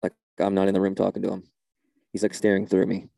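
An exasperated man in a comedy sketch, stumbling over his words as he gets more and more fed up. His low voice has a gravelly edge and a dark tone, recorded dry and close. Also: monotone, fast, no room sound. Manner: exasperated, flustered, repeating himself.

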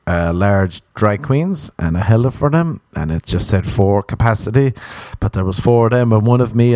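A low-voiced Irish man spins a comic story in a sardonic, deadpan way, with plenty of swearing. The sound is dry and close. He talks like a comedian chatting casually. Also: no room sound. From Ireland. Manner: sardonic, profane, deadpan understatement.

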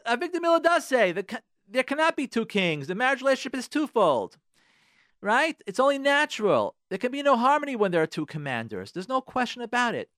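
Emphatic rabbi man, lively pitch. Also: no room sound, studio quality. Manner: emphatic, rhetorical questions to listeners. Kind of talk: Torah lecture.

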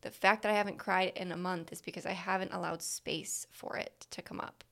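A woman's voice: on the low side, fairly even intonation, fairly quick, vocal fry, fairly bright tone. A woman talking candidly in a reflective personal monologue, with many "like" fillers.

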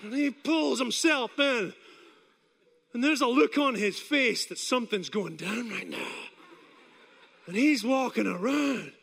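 A male preacher giving a sermon, telling stories in an animated way and acting out scenes. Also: extremely high pitch, a little slow, creaky, pauses often. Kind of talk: sermon with storytelling.

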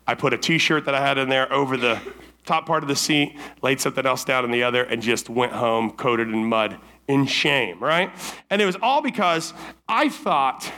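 A man speaking to teens at a summer camp service, telling a story in a casual, animated way and acting out his own lines. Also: medium pitch, moderate pace. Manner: casual, many fillers like "like" and "right?".

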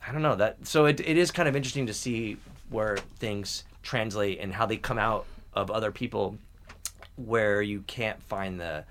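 A young adult man hosts a podcast, speaking in a rather low voice. His talk rambles loosely, with many fillers, restarts and casual swearing. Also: moderate pace, a bit bright, a little hiss or hum. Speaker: podcast host. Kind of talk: casual chat.

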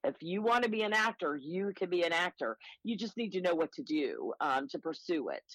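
A woman guest, an acting coach, talking enthusiastically and telling quick anecdotes in an interview. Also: lowish voice, very animated, fairly bright tone, no echo, low-quality recording. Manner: enthusiastic, upbeat, rapid anecdotes. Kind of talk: interview conversation.

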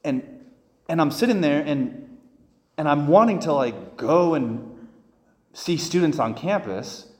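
Priest giving a chatty homily in a reverberant church. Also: male voice, a little high, lively intonation, slow, pauses often, a little mellow. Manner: conversational, many restarts and fillers. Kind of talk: homily with personal stories.

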